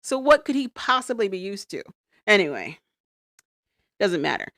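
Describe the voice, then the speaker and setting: A woman's voice: mid-range voice, normal speed, no echo, studio quality. A woman co-hosting a podcast, casually recapping a reality show and acting out the lines people said. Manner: animated storytelling, acts out quotes. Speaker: podcast co-host.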